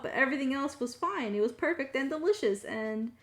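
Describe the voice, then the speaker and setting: A woman chatting casually on a live stream while she draws, rambling to herself with many fillers and soft muttered asides. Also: high voice, expressive, brisk. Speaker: streaming digital artist.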